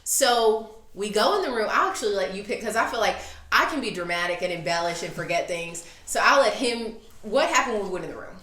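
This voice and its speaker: A woman in her thirties telling a story in casual chat, animated and acting out the voices she quotes. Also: medium pitch, brisk. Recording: echoey room.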